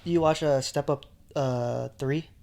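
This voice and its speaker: A young man co-hosting a podcast in casual chat, relaxed and quick with quips. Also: medium pitch, vocal fry. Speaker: podcast co-host.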